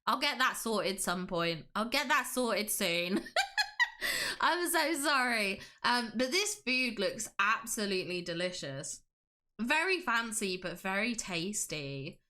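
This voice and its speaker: A woman's voice: mid-range voice, big pitch swings, measured pace, bright, forceful tone. A woman hosting a casual livestream, gushing with enthusiasm and reading chat aloud. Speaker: livestream host.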